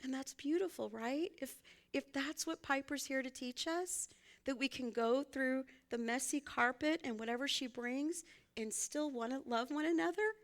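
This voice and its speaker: A woman's voice: high-pitched, normal speed. A woman minister, giving a conversational, folksy sermon and laughing often as she speaks.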